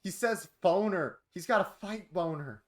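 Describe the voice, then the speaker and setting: A man's voice: high voice, animated, unhurried. A man chatting casually on a game stream, joking and swearing as he tells stories. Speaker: streamer co-host.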